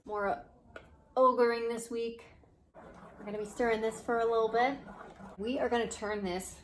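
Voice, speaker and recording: A woman's voice: fairly high pitch, fairly even intonation, a little fast, a little mellow. Playful woman baking in an echoey kitchen. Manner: playful, self-mocking, jokey asides. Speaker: host of a home baking show. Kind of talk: casual cooking tutorial. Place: home kitchen with construction noise outside. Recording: echoey kitchen with construction noise.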